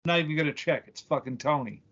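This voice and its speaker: Higher-voiced man bantering on a podcast. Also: fast talker, fairly bright tone. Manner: teasing, defensive banter. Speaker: podcast co-host. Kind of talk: casual chat. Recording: dull lo-fi podcast audio.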